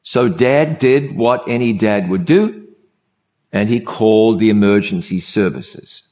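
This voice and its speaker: A man's voice: on the low side, animated, a little slow, a little mellow. A man preaching a sermon, telling a story in an emphatic way and repeating key phrases for effect.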